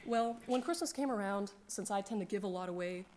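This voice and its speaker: Woman storyteller, animated, laughs a lot, faint noise behind, for a casual gaming anecdote. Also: mid-range voice, a little fast. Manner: animated, laughs often, acts out friends' lines. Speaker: speaker telling gaming stories.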